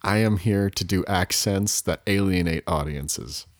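A man's voice: sits low, a little slow, no echo, studio quality. A man guesting on a podcast in casual banter, rambling, opinionated and swearing freely.

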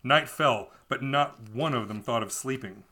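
A man's voice: medium pitch, a little slow, bright, forceful tone. Wry man reading a kids' book aloud. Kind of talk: reading a children's book aloud with mocking asides.

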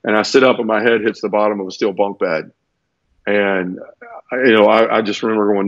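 Here an interview guest with a voice on the low side recounts something personal, a little fast and fairly even in intonation. He's teary and sincere, repeating words and restarting sentences; the sound is dull, lo-fi and dry, with no room sound.

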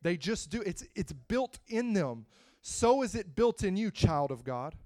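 A man preaching a sermon, moving from quiet, close talk to loud, rising preaching and calling out to the congregation. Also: high voice, very animated, unhurried, no room sound. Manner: calls out to the congregation.

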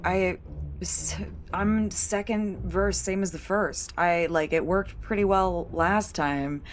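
A woman's voice: on the low side, slow, slight background noise. A woman playing a tabletop horror game, chatting casually about her rolls. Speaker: player.

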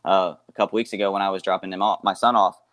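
A man co-hosting a casual podcast, rambling and halting, with frequent restarts. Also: deep voice, fairly even intonation, fairly bright tone, slight background noise. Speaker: guest co-host. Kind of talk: casual chat.

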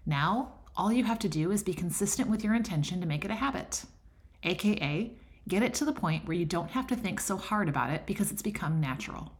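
A woman's voice: on the low side, animated, brisk, breathy edge, no echo. A middle-aged woman hosting a faith-based podcast, talking in an encouraging, conversational way. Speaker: podcast host. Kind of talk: scripted podcast intro and casual teaching.

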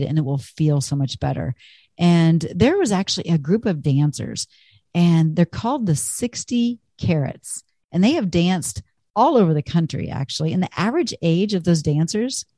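A woman's voice: fairly low pitch, warm tone, dry recording, clean studio sound. A woman fitness instructor giving an upbeat, chatty talk on stretching and endurance, encouraging listeners and laughing at herself.

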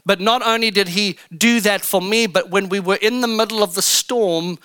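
Man, pastor, fervent sermon, smooth clear voice, dry close sound. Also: high-pitched, normal speed, pushed and bright, no room sound. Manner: fervent storytelling preacher, emphatic and repetitive. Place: church stage.

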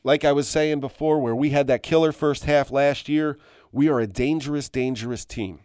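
A middle-aged man hosting his own podcast, ranting casually and emphatically, repeating himself and swearing as he tells fans to calm down. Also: medium pitch, moderate pace, smooth, dry recording, clean studio sound. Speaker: podcast host. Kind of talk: solo sports rant.

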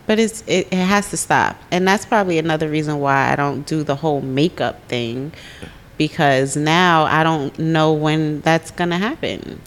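A blunt woman of about forty trading stories on a casual podcast. Her voice sits a little low, and she swears freely and laughs often. A faint rumble runs underneath. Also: moderate pace. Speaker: podcast co-host.

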